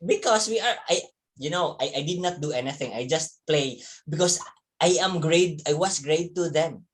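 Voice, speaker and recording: A male teacher in his thirties recounts a tale from his boyhood to young pupils, his voice on the high side and his pace normal. He laughs softly and repeats himself as the story unfolds.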